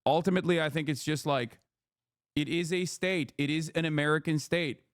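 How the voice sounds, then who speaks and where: A man's voice: fairly high pitch, steady tone, moderate pace, clear, resonant tone, no echo, studio quality. A man in his thirties ranting in casual livestream commentary, heated, profane and incredulous as he reads and answers chat. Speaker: political streamer.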